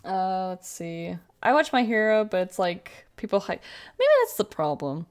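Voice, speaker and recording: A woman's voice: medium pitch, big pitch swings, normal speed. A woman in her twenties chatting casually while drawing on a livestream, rambling along with lots of fillers and self-corrections. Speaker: streamer.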